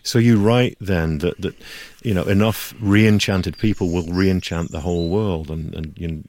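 A man hosting an interview, telling stories in a thoughtful, conversational way that trails into soft asides. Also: low-pitched, fairly even intonation, measured pace. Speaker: host.

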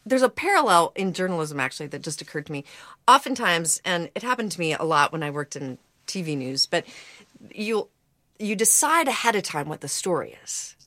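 A woman's voice: lowish voice, animated, fairly quick, pushed and bright, no room sound. A woman hosting an interview, speaking in a reflective way and thinking aloud. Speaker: host. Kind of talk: interview conversation.

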